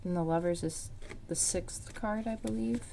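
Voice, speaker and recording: A woman's voice: lowish voice, moderate pace, gravelly, dark tone, a little hiss or hum. Rambling woman giving a tarot reading. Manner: rambling, many fillers like "um" and "like". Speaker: tarot reader.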